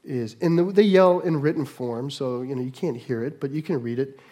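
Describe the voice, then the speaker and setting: A middle-aged man preaching a sermon, moving between loud mock shouts and quiet asides. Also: medium pitch, brisk. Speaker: pastor.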